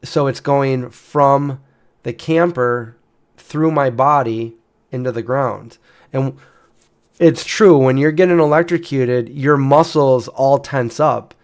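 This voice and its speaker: A man in his forties tells a long personal story in a loose, chatty way. His pitch sits in the middle, and he keeps doubling back with fillers and restarts. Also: takes it slowly, a little mellow. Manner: rambling, with frequent restarts and fillers. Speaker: channel host. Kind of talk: casual storytelling.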